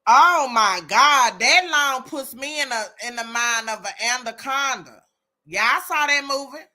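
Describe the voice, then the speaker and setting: A woman's voice: high voice, moderate pace, pushed and bright. A woman hosting a casual live chat, exclaiming and talking to listeners by name. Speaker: host of a live chat room.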